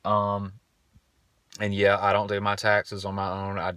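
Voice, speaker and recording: A man's voice: fairly low pitch, monotone, measured pace, fairly bright tone, clear, resonant tone, no echo, clean studio sound. A young man hosting a podcast, telling stories in a laid-back, rambling way and swearing casually. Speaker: podcast host. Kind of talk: casual storytelling monologue.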